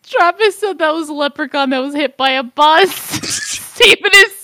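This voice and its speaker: A woman's voice: high-pitched, normal speed, bright, forceful tone, dry recording, studio quality. A woman co-hosting a casual podcast chat, giggly and chatty, with lots of "like" fillers. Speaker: podcast co-host.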